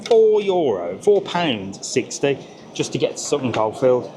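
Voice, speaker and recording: A man's voice: medium pitch, big pitch swings, a little slow. A man from Birmingham with a Brummie accent, vlogging casually on the move through train stations, chatty and grumbling, swearing offhand. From Birmingham area, England. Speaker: travel vlogger. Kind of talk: casual vlog. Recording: noisy station ambience.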